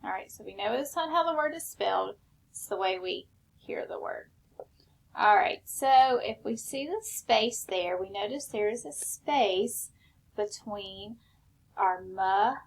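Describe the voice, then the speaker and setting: A woman teacher giving a recorded spelling lesson, slow and patient, step by step. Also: medium pitch, animated, creaky.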